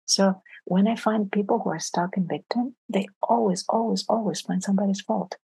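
Husky gravelly woman telling her story. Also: medium pitch, brisk, dark tone, dry recording, low-quality recording. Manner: earnest, storytelling, drops to a whisper for emphasis. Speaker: interview guest, leadership coach. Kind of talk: casual interview conversation.

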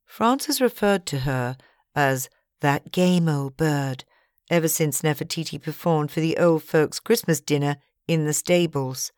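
A woman giving a measured, even scripted narration of an audiobook. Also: deep voice, no room sound, studio quality.

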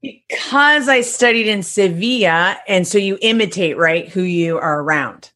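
A woman's voice: medium pitch, expressive, unhurried. A woman from Detroit, Michigan, speaking as an author guest in an earnest, faith-centered way. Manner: earnest, warm-hearted, faith-centered explanations. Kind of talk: interview guest talk.

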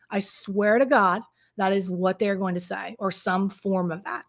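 A woman's voice: mid-range voice, fairly even intonation, measured pace. A middle-aged woman coaching on a live stream. She chats with viewers, reads out their comments and acts out the voices of the people she quotes. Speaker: relationship coach.

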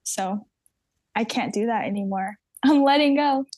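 A woman's voice: a little high, measured pace, a little mellow. A woman in her twenties, a podcast guest, talking candidly in a chatty way full of "like". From Southern California. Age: 20s. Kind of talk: casual conversation.

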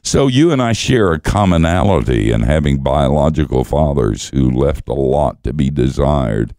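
A man's voice: very deep voice, animated, moderate pace, mellow, dry recording, clean studio sound. An older man, a guest teacher, telling stories in conversation with wry, self-mocking humor and frequent chuckles. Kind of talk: storytelling conversation.

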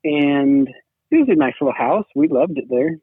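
A slightly high, animated male voice at a moderate pace belongs to a guest, a sibling-in-law, rambling casually with plenty of "you know"s. It sounds husky, dry and tinny, as if over a phone line.

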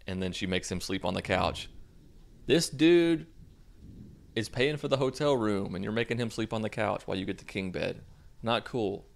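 A man's voice: fairly low pitch, normal speed, gravelly. A young man casually recapping a movie in a sarcastic, mocking way. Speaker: movie reviewer.

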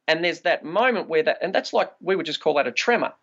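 A man's voice: fairly high pitch, lively intonation, quick pace, few pauses, a bit bright, breathy edge, highs cut off. A man, a trauma release practitioner, explaining body practices in a conversational podcast interview and acting out quoted inner voices.

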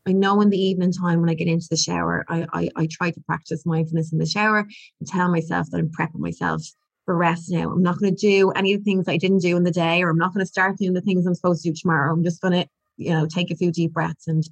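A woman's voice: lowish voice, flat delivery, fast talker, creaky. A woman in her forties, a podcast guest, talking in an earnest, reflective way with frequent restarts. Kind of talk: candid conversational interview.

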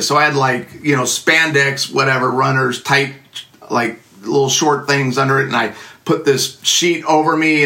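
A man's voice: mid-range voice, bright, forceful tone. A middle-aged man telling a funny personal story in a casual, sarcastic, self-mocking way.

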